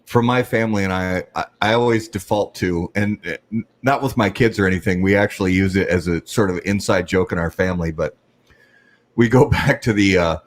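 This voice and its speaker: Low-ish guy host, kinda halting, chuckles between words. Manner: hesitant, restarting, chuckling. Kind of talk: casual chat.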